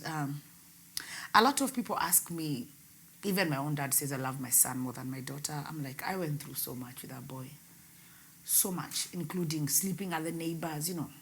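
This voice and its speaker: A young woman with a low voice shares her painful personal story in an interview with a radio host, acting as the guest. Her delivery shifts from loud outbursts to hushed words.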